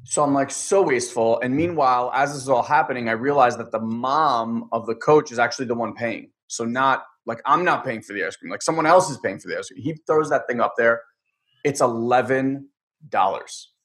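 A man's voice: mid-range voice, a little fast, fairly bright tone. A man in casual chat, telling a personal story candidly, rambling with many fillers.

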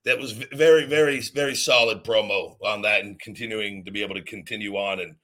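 A man's voice: lowish voice, fairly even intonation, fairly quick, fairly bright tone. A man hosting a podcast, reacting casually to a listener's promo and often stumbling over and repeating words. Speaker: podcast host.

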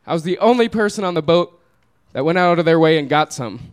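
A young man tells a long story on stage, relaxed and amused, and laughs often as he goes. His voice sits a little high for a man and comes across smooth and clear. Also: a little fast. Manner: laid-back, amused, laughs through his own story. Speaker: comedian telling a story on stage. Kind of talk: live storytelling. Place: small live venue.

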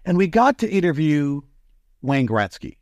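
Man, sports broadcaster, excitable storyteller, slightly high voice, lively swooping pitch, dry close sound. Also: normal speed, no room sound. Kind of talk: storytelling in a podcast interview.

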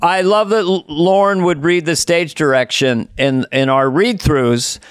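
A man's voice: a little high, a little slow, smooth, no echo, studio quality. An older man reminiscing in a casual chat, laughing often and quoting silly lines. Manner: giggly, reminiscing.

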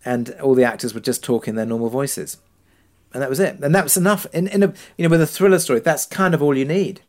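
A man, a drama producer, answering interview questions in a relaxed way, thinking aloud with fillers. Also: medium pitch, fast.

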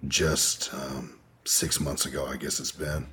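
A man's voice: very deep voice, level tone, measured pace, bright, forceful tone, slight background noise. A man telling a long personal story as an interview guest, candid and rambling, with frequent profanity and fillers.

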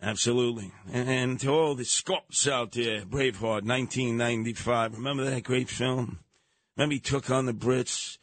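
A man hosting a talk radio show in a sarcastic, animated manner, slipping into mocking voices. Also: medium pitch, moderate pace.

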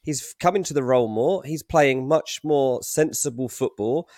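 A man co-hosting a football podcast as transfer pundit, analytical and hesitant, with many pauses and restarts. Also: mid-range voice, a little mellow, dry recording, studio quality. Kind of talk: casual football podcast chat.

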